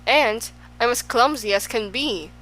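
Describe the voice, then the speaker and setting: Woman voicing a loud, excitable odd man. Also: fairly high pitch, a little slow, rough recording. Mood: boastful. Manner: exclaiming, swinging between moods. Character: excitable, fickle man of all extremes.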